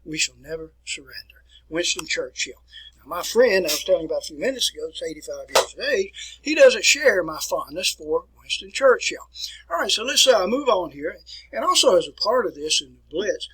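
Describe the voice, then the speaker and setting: A man's voice: high voice, very animated, fairly quick, sharp tone, husky, rough recording. A middle-aged man teaching a recorded history lecture, folksy and digressive, talking to his students as folks.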